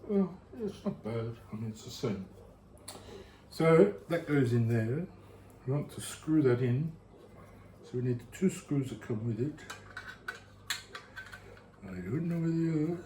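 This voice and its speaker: A man talks slowly to himself while assembling a computer, muttering as he hunts for parts. His voice sits at a middle pitch and carries in an echoey room with faint background noise. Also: lively intonation, mellow. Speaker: vlogger. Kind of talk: casual talk while working.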